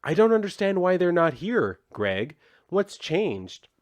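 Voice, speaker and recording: A man's voice: sits high, big pitch swings, a little slow, no echo, voice pushed up. Earnest teen superhero girl, put on by a man, sing-song, raised voice, dry sound. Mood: mocking.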